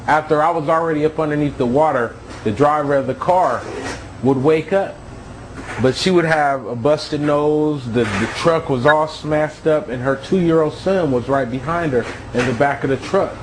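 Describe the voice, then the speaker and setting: A man's voice: on the high side, noisy background. A man telling his own near-death story as a testimony, with emotional storytelling.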